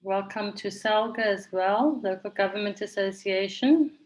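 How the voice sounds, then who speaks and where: A woman moderating an online conference session over a video call, speaking in a measured, orderly way and welcoming participants. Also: medium pitch, poor audio. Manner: measured, orderly, reads names from the chat.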